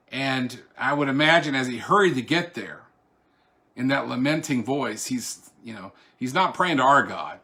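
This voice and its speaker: Teaching a Bible study online, this man, a pastor, keeps things conversational, wandering into asides and restarting sentences. When scripture comes up, he reads it aloud in a raised, declaiming voice. His tone is medium-pitched and fairly bright.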